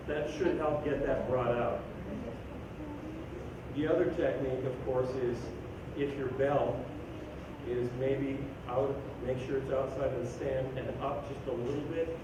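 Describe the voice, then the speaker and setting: Male school band director, brisk coaching, heard from across a big echoey room with steady noise. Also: on the high side. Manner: brisk, coaching, sings rhythms on syllables. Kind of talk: band rehearsal instruction. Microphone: distant room mic. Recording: echoey, distant, noisy room recording.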